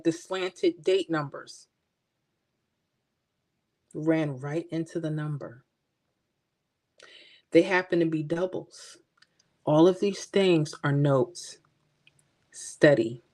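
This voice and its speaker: A middle-aged woman from Florida hosting a livestream, telling stories in a chatty way and talking to viewers by name. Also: fairly low pitch. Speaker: livestream host. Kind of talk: casual livestream chat.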